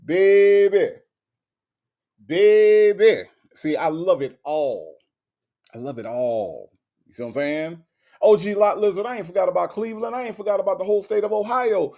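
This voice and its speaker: A man from Florida, hosting a casual livestream, talking to his chat and reading their messages aloud with animated repeated restarts. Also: high voice, a little fast, gravelly. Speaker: livestream host.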